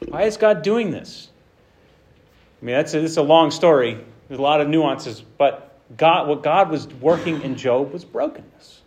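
A man preaching a sermon with passion, swinging between loud bursts and hushed lines and acting out the quotes he tells. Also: fairly high pitch, lively intonation, unhurried.

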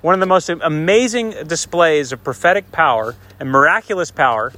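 A man preaching a sermon, retelling scripture conversationally, swinging between raised passages and hushed, soft asides and checking in with his listeners. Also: fairly high pitch, lively intonation, a little fast.

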